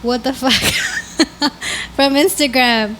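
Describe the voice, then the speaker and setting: A woman co-host in casual podcast chat, giggly and animated, swearing casually. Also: high-pitched, extremely slow, slight background noise, rough recording. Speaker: departing co-host.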